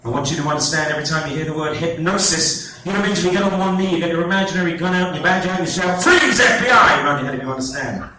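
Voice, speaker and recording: A man's voice: fairly high pitch, rapid-fire, few pauses, fairly bright tone. A man working as a stage hypnotist at a fair, giving repetitive, coaxing commands to volunteers in a playful live-show patter. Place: fair stage before an audience. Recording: echoey, distant, noisy crowd recording.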